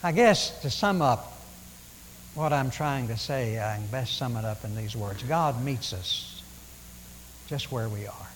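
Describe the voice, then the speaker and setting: A man's voice: medium pitch, animated, a little slow, big-room sound, a little hiss or hum, rough recording. A man preaching a sermon in a church, conversational, with stammered restarts and dramatic paraphrase.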